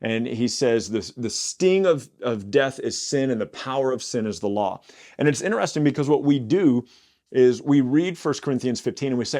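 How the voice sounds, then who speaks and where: Man teaching the Bible, animated reading. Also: mid-range voice, normal speed. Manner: reads verses aloud with rising emphasis, some restarts.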